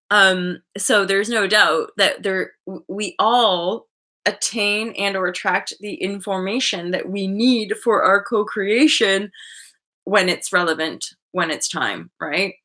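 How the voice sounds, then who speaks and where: Bright-sounding woman rambling about spirit stuff, lots of "like", swears a bit. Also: mid-range voice, slow. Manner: rambling, loose, sprinkled with "like" and swearing. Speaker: spiritual coach and channel host. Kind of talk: casual spiritual monologue.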